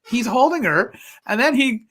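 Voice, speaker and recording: A man's voice: very high-pitched, animated, normal speed, fairly bright tone. A man co-hosting a casual live podcast, animatedly retelling movie scenes and acting out the characters' lines with laughter. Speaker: co-host.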